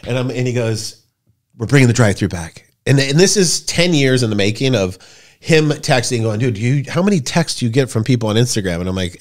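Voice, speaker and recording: A man in his forties, a podcast guest, tells stories in a casual, rambling and profane way, jumping into loud high voices when he quotes people. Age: 40s. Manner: acts out quoted voices with big pitch jumps. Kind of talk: casual storytelling chat.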